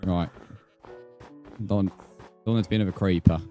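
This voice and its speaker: A man's voice: deep voice, steady tone, moderate pace, music in the background. A British man chatting casually while livestreaming a game, swearing freely and muttering counts under his breath. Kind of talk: casual gaming livestream chat.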